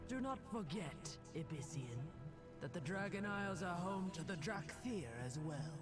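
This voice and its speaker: A proud dragon-kin warrior in a video game, measured and lightly mocking. His voice sits high and he speaks slowly. Loud game music plays behind. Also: expressive.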